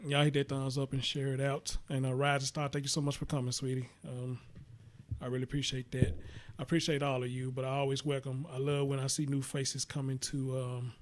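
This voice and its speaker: A man's voice: mid-range voice, completely flat delivery, fairly quick. A Southern-accented man hosting a casual livestream, reading an article aloud and talking bluntly and profanely to his chat. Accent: Southern American. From American South. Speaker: host.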